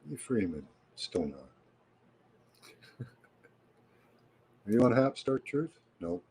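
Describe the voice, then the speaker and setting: A man with a Canadian accent, hosting a live stream in a relaxed, rambling way and chatting casually with viewers. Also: medium pitch, slow pace, gravelly, breathy edge, low-quality recording. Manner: relaxed and rambling, with frequent fillers. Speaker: livestream host.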